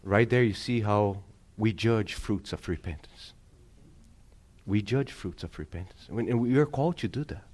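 A man's voice: fairly low pitch, normal speed, a little mellow. A male pastor delivering a sermon, preaching emphatically and calling on the congregation for amens.

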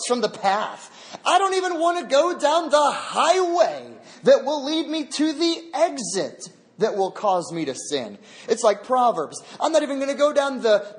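Slow, emphatic male preacher. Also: very high voice. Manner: emphatic, repeats key phrases. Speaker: pastor. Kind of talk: sermon.

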